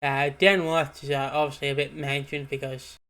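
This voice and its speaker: A man's voice: mid-range voice, little pitch movement, normal speed, bright, forceful tone. A man co-hosting a casual podcast, recapping the plot with hesitant fillers. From Britain. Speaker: podcast co-host. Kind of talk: casual chat.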